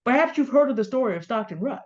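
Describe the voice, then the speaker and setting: Her pitch is fairly high, her delivery expressive and fast. As a middle-aged commentary host, she speaks confrontationally and directly to the individuals she calls out by name, and the audio has a dull lo-fi quality.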